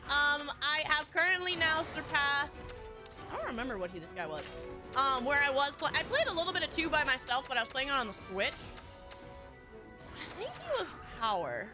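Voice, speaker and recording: A woman's voice: high-pitched, very animated, a little fast, over music. A woman game streamer chatting casually with viewers, rambling with lots of restarts and little laughs.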